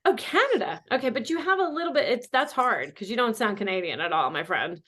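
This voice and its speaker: A woman from North Carolina hosts an online wine class, talking casually and warmly to her patrons. She rambles a little, full of fillers and asides. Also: fairly high pitch, brisk, breathy edge. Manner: chatty, animated, many fillers. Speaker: host. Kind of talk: casual chat.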